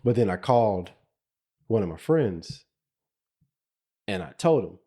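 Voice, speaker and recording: A man's voice: on the low side, sing-song, measured pace, dark tone. A middle-aged man co-hosting a podcast, talking casually and reflectively, with frequent restarts and laughter. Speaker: podcast co-host.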